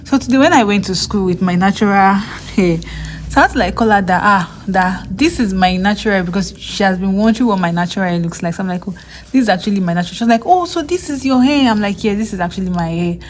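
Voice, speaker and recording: A young woman with a Nigerian accent chats through a casual vlog story, her voice sitting at an ordinary middle pitch. She keeps slipping into a lifted, brighter voice to act out what others said. A faint hiss of background noise sits under the recording. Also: quick pace. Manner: chatty, acts out others' lines in a higher voice. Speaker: vlogger and graduate student.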